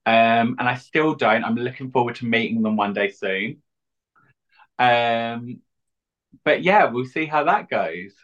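A man, a drag queen chatting as an interview guest, cheeky and deadpan. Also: medium pitch, a little slow. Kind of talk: casual interview chat. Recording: dull lo-fi audio.

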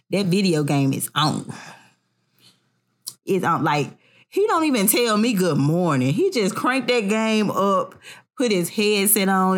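A woman in casual chat as a podcast co-host, telling animated family stories. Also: mid-range voice. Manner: animated storyteller, acts out family voices.

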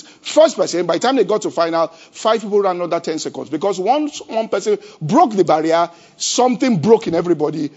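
A man preaching a sermon as pastor. He keeps asking the congregation rhetorical questions and swings between loud emphasis and a low, conversational tone. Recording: dull lo-fi church recording.

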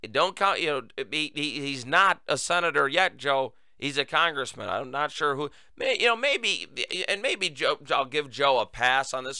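A man hosting a solo political talk show, sarcastic and animated, repeating words when he gets worked up. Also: on the high side, clear, resonant tone, dry recording, clean studio sound.

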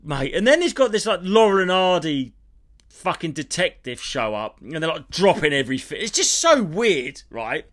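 Animated man, swearing storyteller. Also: on the high side, normal speed. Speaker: podcast co-host. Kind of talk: casual comedic chat.

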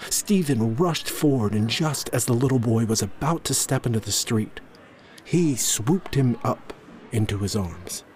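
A man narrating a scripted horror story in a slow, measured way. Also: medium pitch, a little mellow, slight background noise, rough recording.

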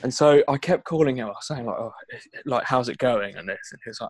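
A man's voice: mid-range voice, quick pace, hardly any pauses, no echo. A man co-hosting a podcast, rambling through a long story, acting out the dialogue and laughing along the way. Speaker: podcast co-host. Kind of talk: casual anecdote telling.

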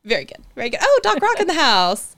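A woman's voice: high voice, wildly swooping pitch, fast, a bit bright. A woman hosting a live stream in casual, chatty talk, playful and teasing with her guest.

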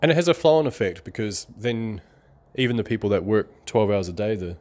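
A man giving a rambling, conversational motivational monologue about money beliefs, with some sarcasm and quick laughs. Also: on the low side, expressive, a little mellow.

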